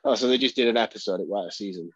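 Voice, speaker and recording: An Englishman co-hosting a podcast from afar, laid-back and swearing casually in relaxed chat. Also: fairly low pitch, rapid-fire, no room sound. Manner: laid-back, swearing, calls others "man". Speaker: podcast co-host. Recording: dull dry remote audio.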